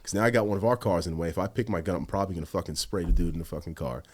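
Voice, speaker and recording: Podcast guest: low-voiced man, rapid delivery, animated, cursing, acts out his own lines. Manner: animated, heavy swearing, quotes himself. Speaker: podcast guest, former police officer. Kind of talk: casual storytelling.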